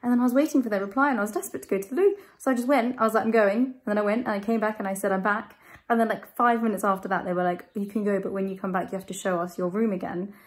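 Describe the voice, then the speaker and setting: A woman's voice: medium pitch, fairly even intonation, racing, hardly any pauses. A young woman, chatting casually in a home vlog, rambling and self-deprecating as she talks from her bedroom. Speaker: vlogger.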